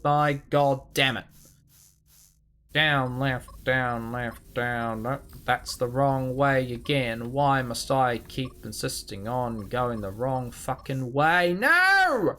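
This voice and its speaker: A man takes it slowly in a steady, medium-pitched voice with a fairly bright tone while streaming a video game live. He mutters and hums as he plays, swears freely, and rambles and mocks himself while reading and answering chat.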